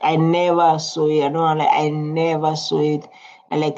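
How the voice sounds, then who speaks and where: South African man, casual reaction commentary, chatty and repetitive, gravelly, muffled lo-fi sound. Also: fairly high pitch, level tone, moderate pace, a little mellow. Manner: chatty, repetitive, filler-heavy. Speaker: YouTube reactor. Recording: lo-fi muffled home recording.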